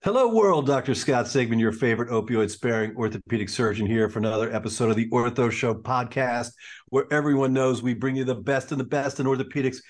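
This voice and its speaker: Upbeat male host, eager interviewer, mid-pitch voice. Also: flat delivery, fast. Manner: enthusiastic, repeats "I love it". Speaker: podcast host, orthopedic surgeon.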